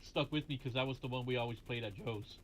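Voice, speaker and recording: A man's voice: mid-range voice, fast talker, over music. A man hosting a casual retro game stream, chatting and joking with a guest and often laughing at his own jokes. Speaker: stream host. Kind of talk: casual gaming stream chat.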